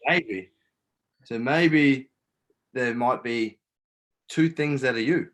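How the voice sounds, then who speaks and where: A man's voice: medium pitch, slow, fairly bright tone, low-quality recording. A man guest speaking in an interview, an earnest coach who swears casually as he guides and explains. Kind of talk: guiding a breathing exercise and talking in an interview.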